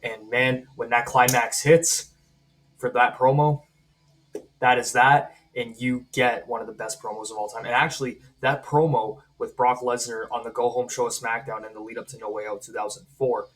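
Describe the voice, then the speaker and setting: A man's voice: medium pitch, steady tone, normal speed, far from the mic. A man giving an emphatic wrestling opinion monologue that builds energy as he goes. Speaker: wrestling commentator.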